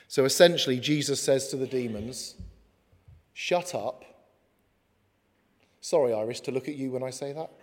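Male pastor, sermon, earnest and emphatic, fairly high voice, long reverb of a church hall. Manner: earnest, builds to emphatic slow lines.

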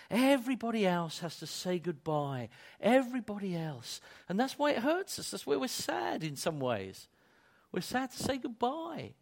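A man with a slightly raised pitch delivers a sermon, building to loud peaks before easing back to near quiet. He restarts and repeats phrases as he goes. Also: huge pitch swings, a little slow, creaky. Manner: dynamic preaching, swells loud then drops soft. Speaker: preacher.

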